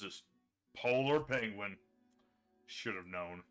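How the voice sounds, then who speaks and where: A man's voice: lowish voice, measured pace, long pauses, fairly bright tone, soft background music. A man streaming a card game live, chatting casually, thinking aloud about his moves and answering his chat. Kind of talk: casual livestream commentary.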